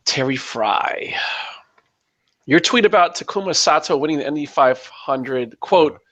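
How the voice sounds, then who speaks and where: A man's voice: on the high side, animated, unhurried, fairly bright tone, dry recording. A man hosting a podcast, setting up segments in a mock-formal, playful way. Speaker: podcast host. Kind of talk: casual podcast chat.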